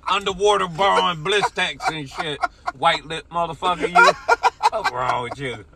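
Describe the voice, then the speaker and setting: A man co-hosting a live stream, roasting his nephew in loud, profane banter with bursts of laughter. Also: sits high, very animated, normal speed, vocal fry. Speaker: co-host, the uncle. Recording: noisy live-stream audio.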